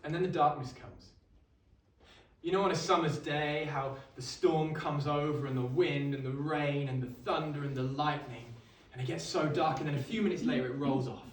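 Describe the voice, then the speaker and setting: A man's voice: fairly high pitch, steady tone, moderate pace, close to an everyday voice. A man playing a middle-aged Roman centurion, telling his story in a wry, conversational monologue to a live audience. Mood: awed. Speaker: costumed actor at an exhibition. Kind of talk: first-person dramatic monologue to a live audience. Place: indoor exhibition hall. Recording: echoey hall, mic at a distance.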